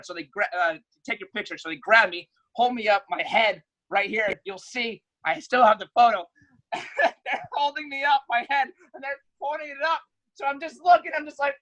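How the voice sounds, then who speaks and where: Over poor audio, a young adult podcast guest with a high-pitched voice talks a bit fast while recounting a story casually. He animates the tale by loudly impersonating the characters he quotes.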